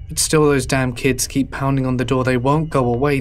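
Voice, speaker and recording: A man reading a horror story aloud in a measured, somber way. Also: mid-range voice, fairly even intonation, soft background music. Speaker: horror narrator. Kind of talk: scripted horror narration.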